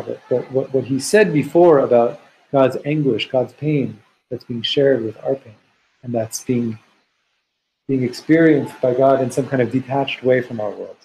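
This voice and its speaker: A man's voice: medium pitch, moderate pace, gravelly, lo-fi sound, slight background noise. A man teaching a study session. He reads Hebrew passages aloud and explains them in an earnest, searching way, often restarting his phrases. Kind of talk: text study lesson.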